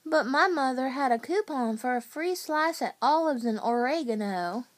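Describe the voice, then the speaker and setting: A woman reading a storybook aloud, voicing a polite, sweet young schoolgirl with a soft Southern accent. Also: high voice, lively intonation, normal speed. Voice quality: soft-spoken.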